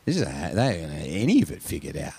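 Deep-voiced preacher man. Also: huge pitch swings, fast, gravelly, dark tone, breathy edge. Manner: storytelling, frequent "right?" tags. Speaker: pastor. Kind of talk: conversational sermon.

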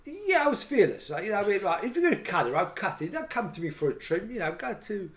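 A middle-aged former hairdresser rambles through anecdotes from his years in the trade during a casual chat, sprinkling in fillers like "right?" and "you know what I mean?". His voice is high, sing-song, and fairly bright, and he speaks at a quick pace.

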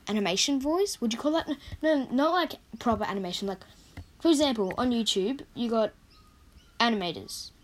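A young woman with a croaky voice, rambling in a casual vlog about her favourite movies and correcting herself often. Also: a little high, expressive, a little fast, a little hiss or hum. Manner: rambling, chatty, self-correcting. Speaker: vlogger. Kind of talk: casual movie countdown chat.

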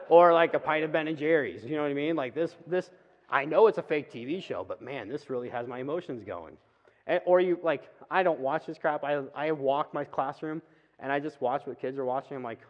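A man giving a casual, conversational sermon in church, with quick asides. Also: fairly high pitch, expressive. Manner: chatty, acts out quick asides and voices. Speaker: preacher. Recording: reverberant hall, dull lo-fi sound.

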